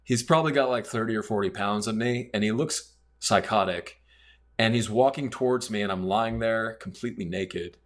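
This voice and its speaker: A man's voice: fairly low pitch, moderate pace. A man casually telling a long personal story on a podcast, loose and rambling with plenty of fillers. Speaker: podcast guest.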